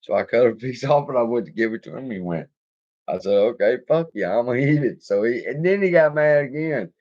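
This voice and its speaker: A man's voice: mid-range voice, animated, fairly quick, highs cut off. A man hosting an investing channel, telling rambling, profane stories with frequent laughs in a casual chat. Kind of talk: casual storytelling livestream.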